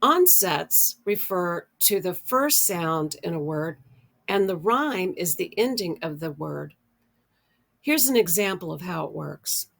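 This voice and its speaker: A middle-aged American woman explaining early literacy skills, speaking deliberately and drawing out her example words. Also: lowish voice, expressive, gravelly. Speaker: literacy educator. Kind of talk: instructional explainer.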